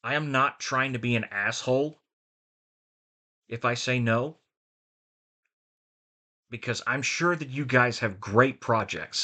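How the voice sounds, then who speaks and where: A man's voice: medium pitch, a bit bright. A man talking frankly in a rambling vlog about his voice acting work. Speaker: voice actor and vlogger.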